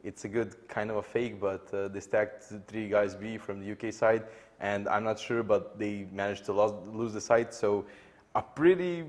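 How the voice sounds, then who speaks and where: Deep-voiced Serbian-accented male analyst. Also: moderate pace. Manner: animated retelling with fillers. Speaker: esports analyst. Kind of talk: studio analysis chat.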